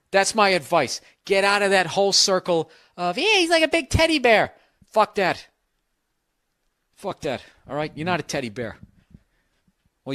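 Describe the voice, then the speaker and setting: A man's voice: a little high, a bit bright, no echo, clean studio sound. A man hosting a podcast, giving blunt, profane, rambling advice in casual talk.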